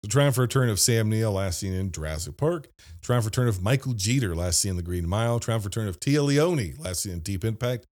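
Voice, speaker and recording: A man from Ohio hosting a casual movie podcast, telling stories with profanity and squealing impressions. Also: lowish voice. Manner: animated storyteller, profane, mimics squealing voices. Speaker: podcast host.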